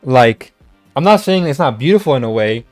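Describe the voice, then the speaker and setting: A man's voice: mid-range voice, lively intonation, normal speed, darkish tone, no room sound, soft background music. Rambling young-sounding man ranting. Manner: rambling, stammering restarts, casual swearing. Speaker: streamer. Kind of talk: casual rant.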